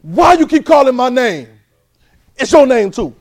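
A man's voice: very high voice, very animated, a little slow, pitched above the performer's own voice, full character voice. A man putting on an exasperated, pleading Jesus. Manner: insistent, raised pleading questions.

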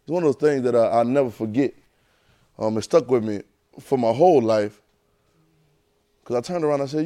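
A man preaching a sermon, telling a childhood story with lively, animated delivery. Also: medium pitch, brisk, long pauses. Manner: animated storyteller, rising to excited near-shouting.

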